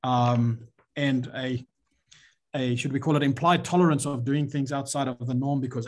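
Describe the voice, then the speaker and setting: A man with a South African accent, speaking as a podcast guest in a thoughtful, measured way and searching for his words. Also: mid-range voice, fairly even intonation, darkish tone. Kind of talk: reflective interview talk.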